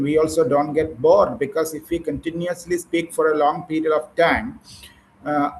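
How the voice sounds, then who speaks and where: A man's voice: on the high side, a little hiss or hum, poor audio. A man with an Indian English accent, leading an online speaking practice for teachers, asking patient questions and correcting pronunciation.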